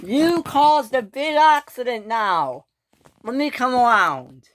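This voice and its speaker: A woman voicing a bossy male workshop engine who shouts and scolds. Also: medium pitch, lively intonation, slow, voice pushed up. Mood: scolding.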